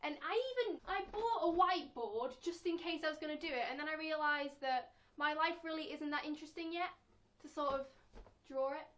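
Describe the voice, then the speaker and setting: A young woman with a British accent, chatting playfully in a casual question-and-answer vlog and acting out quotes in a squeaky voice. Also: fairly quick, a bit bright. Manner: acts out quotes in a squeaky high voice. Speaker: vlogger.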